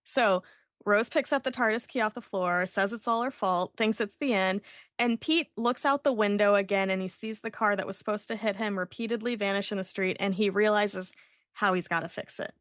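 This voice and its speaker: A woman, hosting a podcast and retelling an episode in an animated way, acting out the characters' lines. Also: medium pitch, normal speed, no echo, clean studio sound. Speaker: podcast host recapping an episode. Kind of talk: casual podcast recap.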